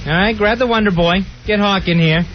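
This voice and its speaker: A man co-hosting a radio show, bantering casually and calling out the action with excitement. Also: sits high, fairly quick. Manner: excitable, shouts play-by-play over music. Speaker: radio co-host. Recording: dull lo-fi radio broadcast with music.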